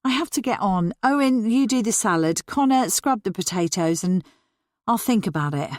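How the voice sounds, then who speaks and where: A woman reading a stressed, snappy woman in a story, with sharp, exasperated lines. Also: mid-range voice, lively intonation, normal speed, no room sound, studio quality, natural voice.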